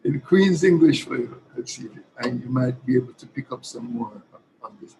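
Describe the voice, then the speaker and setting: Speaking at a brisk pace in a mid-range voice, a Jamaican musician guest makes casual conversation between guitar songs, soft and hesitant with many fillers. Acoustic guitar plays, and the rough recording has slight background noise.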